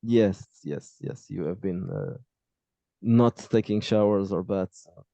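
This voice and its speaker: A man narrating a tabletop game as game master, talking in a halting way with many restarts, on dull lo-fi audio. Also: deep voice, expressive, vocal fry, warm tone, dry recording.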